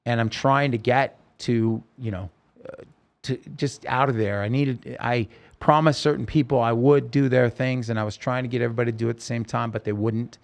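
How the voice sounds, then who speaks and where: A man telling his own story in a podcast interview, earnest and halting, with many restarts. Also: mid-range voice, fairly even intonation, gravelly.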